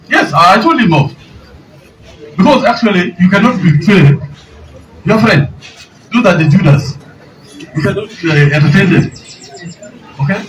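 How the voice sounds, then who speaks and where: Animated Ugandan man briefing the press. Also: sits high, a little slow, pauses often, a faint crowd. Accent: Ugandan English. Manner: animated, retells exchanges with voiced quotes. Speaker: by-election candidate. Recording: noisy room from far off.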